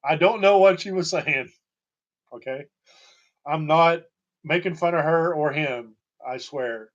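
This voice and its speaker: A middle-aged podcast host from Tennessee, USA, tells stories casually in a folksy manner, chuckling and laughing between lines. His voice is on the high side at a measured pace, and the recording's highs are cut off.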